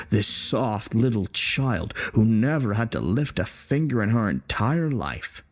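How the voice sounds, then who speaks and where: A man voicing a gravelly, bitter old war veteran. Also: fairly low pitch, heavily acted. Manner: slow, menacing, profane. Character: bitter, crude, hostile older male war veteran.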